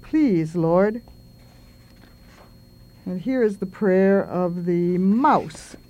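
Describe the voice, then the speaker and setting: A middle-aged woman, a children's author, giving a talk and reading poems aloud with feeling. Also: on the low side. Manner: slow, expressive reading aloud.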